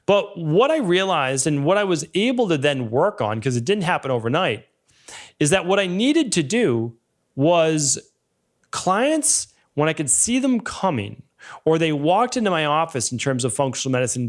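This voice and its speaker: Man in his forties, podcast host, slightly high voice, animated storytelling, acts out dialogue. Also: moderate pace. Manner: storytelling, acts out client exchanges in quoted voices. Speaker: podcast host, health practitioner. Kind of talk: casual solo podcast talk.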